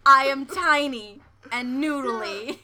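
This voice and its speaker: A woman's voice: high voice, slow, a crowd in the background. A woman, co-hosting a casual podcast chat in a playful, mock-indignant way. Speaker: podcast co-host. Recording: noisy background.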